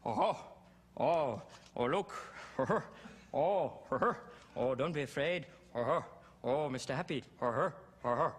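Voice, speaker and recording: A man's voice: mid-range voice, expressive, slow pace, breathy edge, heavily acted. A man impersonating a senile male comedian of about seventy, babbling scattered nonsense exclamations. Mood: manic.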